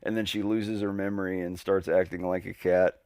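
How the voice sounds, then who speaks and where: A male streamer chatting casually on a live stream, who laughs often and bursts into loud, excited mimicry. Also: low voice, brisk, no room sound, clean studio sound.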